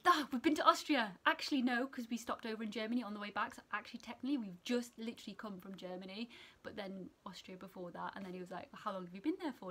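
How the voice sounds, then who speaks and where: A young woman student nurse from England, telling a story to camera in a chatty, animated way that keeps going off on tangents. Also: on the high side. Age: young adult. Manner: chatty, animated, sidetracks and laughs often.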